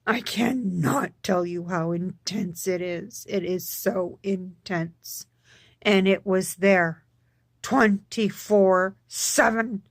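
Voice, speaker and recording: A woman talking casually in a personal vlog, halting with frequent restarts and repeating words for emphasis. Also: mid-range voice, dry recording, clean studio sound. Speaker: vlogger.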